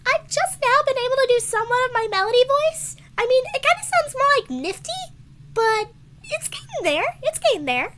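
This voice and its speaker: A congested woman pushing her voice up into a strained, girlish high register. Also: very animated, a little fast, fairly bright tone, slight background noise, heavily acted. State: congested, hoarse.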